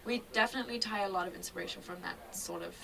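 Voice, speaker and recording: Quick, lively woman from Kenya. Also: medium pitch, creaky, far from the mic, a crowd in the background, low-quality recording. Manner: lively storyteller, quick and animated. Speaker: band member guest. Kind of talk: casual interview.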